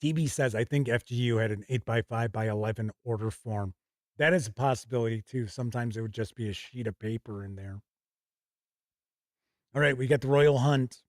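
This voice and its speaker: A man's voice: medium pitch, fairly quick, no room sound, studio quality. A middle-aged man hosting a casual livestream, reading passages aloud from old game books and correcting himself as he goes. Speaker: host.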